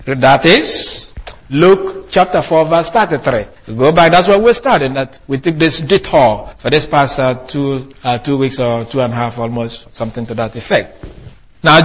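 A man's voice: a little high, a bit bright, breathy edge. A man preaching a sermon to a congregation, teaching in a conversational way with frequent restarts and fillers. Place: church hall.

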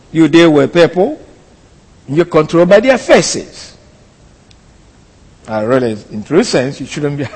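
A male pastor preaching a sermon with slow, emphatic, deliberate delivery. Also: a little high, darkish tone, slightly rough. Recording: long hall reverb.

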